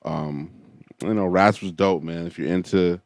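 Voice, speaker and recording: A man's voice: low voice, a little slow, no room sound, clean studio sound. A young man hosting a podcast in casual chat, laid-back and full of fillers. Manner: laid-back, many fillers like "you know what I'm saying". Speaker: podcast host.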